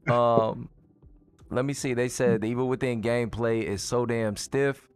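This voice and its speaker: A man's voice: medium pitch, steady tone, normal speed, smooth, faint music behind. Laid-back slangy male stream host. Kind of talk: casual gaming chat, reading live chat.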